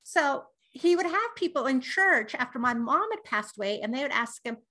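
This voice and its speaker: A woman's voice: sits high, very animated, normal speed, sharp tone. A middle-aged woman co-hosting a podcast, telling family stories in a casual chat, laughing often and mimicking her father's voice. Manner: laughs often, quotes her dad in a gruff voice. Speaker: podcast co-host.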